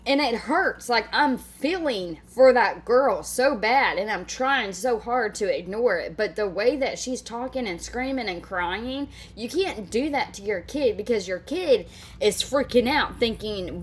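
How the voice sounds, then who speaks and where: A woman's voice: fairly high pitch, lively intonation, unhurried, slight background noise. A woman giving casual reaction commentary on a clip, blunt and heated, swearing freely.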